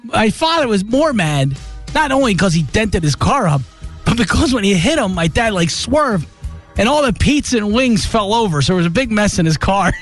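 A man's voice: high voice, sing-song, moderate pace, faint music behind. A male radio host telling a casual story and acting out the voices of his family. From New Jersey.

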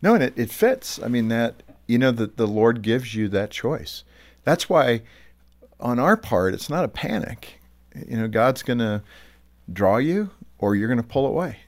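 A man's voice: medium pitch, sing-song, a little slow. Friendly man hosting a faith talk show. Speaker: host.

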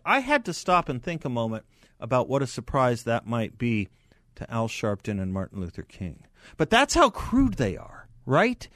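Man, talk radio host, conversational, dry close sound, average pitch. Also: very animated, normal speed, no room sound. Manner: conversational, frequent affirming interjections.

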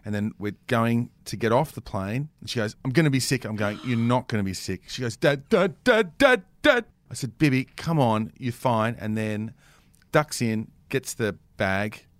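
A man's voice: on the low side, normal speed, no echo. Laid-back Australian man telling stories. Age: middle-aged. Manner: laid-back anecdotal storytelling, laughing. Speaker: radio co-host. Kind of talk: casual radio chat.

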